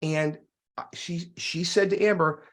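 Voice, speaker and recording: Man, middle-aged, podcast guest, storytelling, acts out dialogue, lively, slightly high-pitched. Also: measured pace. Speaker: guest real estate investor.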